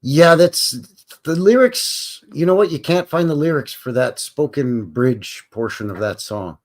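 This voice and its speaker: A man's voice: fairly high pitch, animated, a little slow. Canadian male livestream host, loose and jokey, with a voice that swings up and down. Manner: rambling and jokey, tags lines with "eh, buddy". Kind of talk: casual livestream chat.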